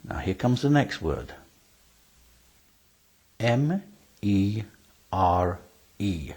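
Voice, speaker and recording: A man's voice: fairly low pitch, very animated, drawn-out words, a little mellow, rough recording. A man teaching a spelling lesson, speaking carefully and spelling words out letter by letter.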